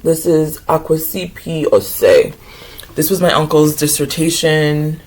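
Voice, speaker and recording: A man of Ghanaian heritage chatting casually and excitably in a vlog, wandering from topic to topic. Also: fairly high pitch, unhurried. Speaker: vlogger.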